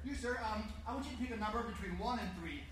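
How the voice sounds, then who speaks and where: Brief: high, bossy comic barking at the crowd, distant mic in an echoing hall. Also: male voice, lively intonation, rapid-fire, very noisy. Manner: bossy, teasing, laughing between commands. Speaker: stage comedian doing crowd work. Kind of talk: live audience interaction. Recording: echoey hall from far off, loud crowd.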